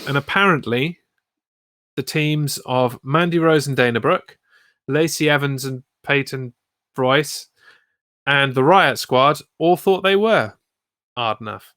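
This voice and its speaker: A man's voice: medium pitch, a little slow, long pauses, fairly bright tone, dry recording, studio quality. A man co-hosting a casual wrestling podcast from the UK, recapping matches and joking around. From United Kingdom. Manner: jokey, recaps then riffs. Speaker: podcast co-host.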